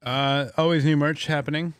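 Wisecracking co-host with a smooth voice. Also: male voice, fairly high pitch, fairly even intonation, normal speed, dry recording. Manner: dry wisecracking quips. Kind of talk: casual talk-radio banter.

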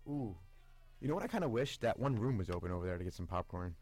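A man's voice: on the low side, animated, fast, crowd noise. A man co-hosting a live college radio show in a studio, playful and teasing, laughing often through casual banter.

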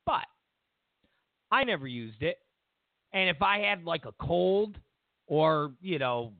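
Male talk host, casual rambling storyteller, very expressive pitch, phone-thin sound. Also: no echo. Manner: animated storytelling with restarts. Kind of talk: casual monologue. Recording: tinny phone-like audio, dry.

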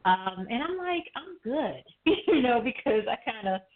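A woman's voice: a little high, very animated, normal speed. A woman co-hosting a casual chat, reflective and talking with many "you know" fillers. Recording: tinny phone line.

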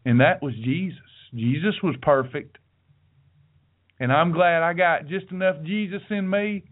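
A middle-aged man hosts his podcast like a preacher, folksy and direct with his listeners. His voice sits high for a man. The sound is thin and tinny, like a phone line. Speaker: podcast host. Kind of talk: preachy motivational talk.

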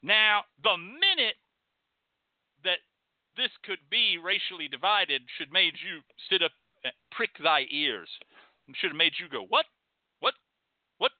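A man's voice: high voice, expressive, unhurried, pauses often, dry recording. A man hosting a show, delivering an emphatic, profane monologue lecture that repeats phrases for stress. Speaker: host. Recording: tinny phone-like dry sound.

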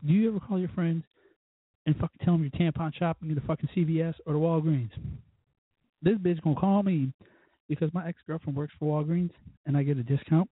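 Husky man ranting over a tinny line. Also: a little high, fairly quick, dry recording. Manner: profane, fired-up storytelling. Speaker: podcast host. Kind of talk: casual ranting monologue. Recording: tinny phone-like, dry.

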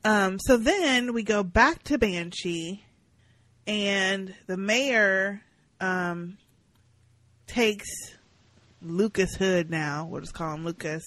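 A woman's voice: mid-range voice, slow, no room sound, rough recording. A woman co-hosting a podcast, recapping an episode in casual chat and acting out the characters' lines. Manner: animated, acts out characters' lines. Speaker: podcast co-host.

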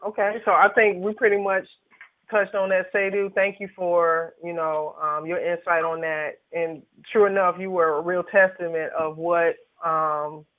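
A woman's voice: lowish voice, little pitch movement, moderate pace. A woman hosting a radio panel discussion by phone. She rambles, with many fillers and restarts. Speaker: panel host. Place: on a phone call. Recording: tinny phone line.

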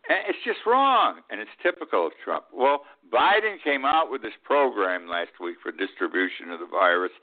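A man's voice: fairly low pitch, animated, moderate pace, few pauses. A man in his eighties hosting a political commentary show, blunt and indignant, often repeating himself. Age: 80s. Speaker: host. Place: Key West. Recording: tinny phone-like line.

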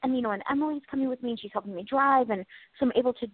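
A woman co-hosting a radio chat, sharing a personal story in a chatty, reflective way. Her voice sits a little high. It comes through a thin, tinny phone-like line with no room echo. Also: very fast, husky. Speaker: radio show co-host. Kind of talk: casual chat.

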